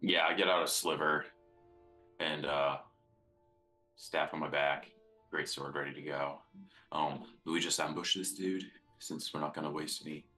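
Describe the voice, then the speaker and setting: A man with an extremely deep yet bright voice chats casually as a player in a tabletop game. He talks in a loose, easygoing way, and faint music sits behind him. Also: steady tone, moderate pace, long pauses. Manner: casual, laid-back with fillers. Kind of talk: tabletop role-play chat.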